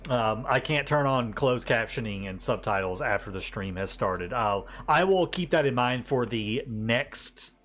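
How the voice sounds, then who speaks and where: A man's voice: medium pitch, expressive, measured pace, few pauses, fairly bright tone, soft background music. A man from the United States with a drawl, chatting casually with viewers on a live stream, rambling and laughing as he goes. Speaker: livestreamer.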